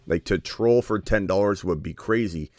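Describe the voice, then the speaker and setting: A man hosting a live stream, joking and excitable as he talks through his picks, sometimes dropping to a hushed whisper. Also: low voice, normal speed, no echo, faint music behind. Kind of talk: casual live-stream commentary.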